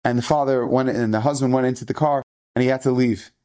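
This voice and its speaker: A man's voice: mid-range voice, steady tone, fast talker, dark tone. A middle-aged man, a rabbi, telling an inspirational story in an earnest, emphatic way, often repeating his phrases.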